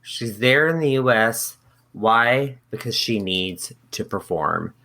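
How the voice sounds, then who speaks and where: This is a woman co-hosting a relaxed podcast. She talks slowly and lets her pitch rise and fall widely. Her delivery is playful and drawn out. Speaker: podcast co-host. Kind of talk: casual chat.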